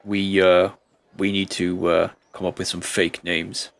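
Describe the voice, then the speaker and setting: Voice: low voice, level tone, a little slow, gravelly. A player in a tabletop game, joking casually.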